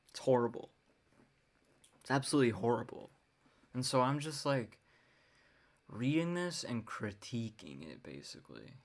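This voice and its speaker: A young woman hosting her podcast alone speaks in a very deep, animated voice at a measured pace, leaving long pauses. She rants casually, cursing and giving wry laughs.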